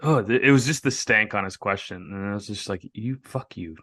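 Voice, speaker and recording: A young man on a podcast, co-hosting and swearing freely as he tells animated stories in casual chat. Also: lowish voice, a little fast, no echo. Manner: profane, animated storyteller. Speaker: podcast co-host.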